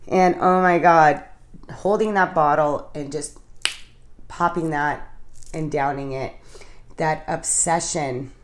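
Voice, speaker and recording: Woman vlogger with a low voice, telling her own story with emphatic, emotional bursts. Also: steady tone, takes it slowly, long pauses, slight background noise. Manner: emotional, emphatic retelling with many fillers. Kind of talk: personal storytelling to camera.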